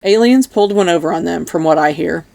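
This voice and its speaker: A woman voicing a gruff male mercenary captain who talks in a blunt, commanding way, in an audiobook. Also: lowish voice, fast talker, a little mellow, no echo.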